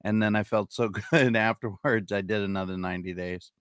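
A man hosting a casual livestream chat, relaxed and easygoing, answering in short replies. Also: fairly low pitch, brisk, clear, resonant tone, no echo, studio quality. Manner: laid-back, short replies, says "man" a lot. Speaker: host.

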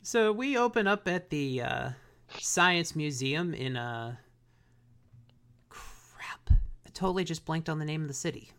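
Brief: young woman co-host, low-ish voice that swings around a lot, relaxed slangy chat. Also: unhurried. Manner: slangy, laid-back, trails off and restarts. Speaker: podcast co-host. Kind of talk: casual chat recapping a cartoon episode.

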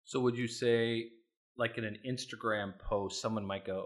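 A man's voice: on the low side, steady tone, normal speed. A man co-hosting a podcast, talking casually and self-deprecatingly, with frequent restarts. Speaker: podcast co-host.

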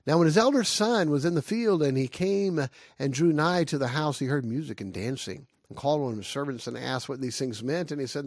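A man's voice: medium pitch, animated, brisk, creaky, darkish tone, no room sound, studio quality. A man preaching a sermon, retelling a Bible story with lots of fillers and acting out the characters.

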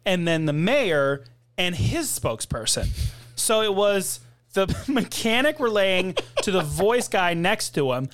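A man's voice: high voice, very animated, a little slow, fairly bright tone. A man co-hosting a podcast, chatting loosely with swearing and laughter. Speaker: podcast co-host. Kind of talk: casual chat.

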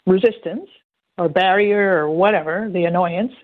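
A woman guest with a fairly low voice talks casually in an interview at normal speed, chatty and animated as she tells stories and acts out quotes. The audio is narrow-band, like a phone line.

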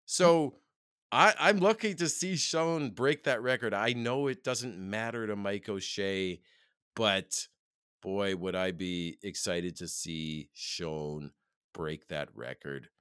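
Excitable man talking football. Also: fairly low pitch, slow pace, clean tone, no echo, clean studio sound. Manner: excitable, animated, laughs often. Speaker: podcast co-host. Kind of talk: casual sports chat.

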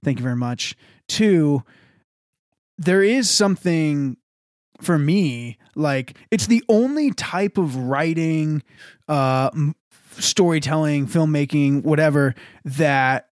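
A young adult man, a pastor, chatting casually on a podcast in an animated, rambling way and laughing often. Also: fairly high pitch, slow pace, no echo, studio quality.

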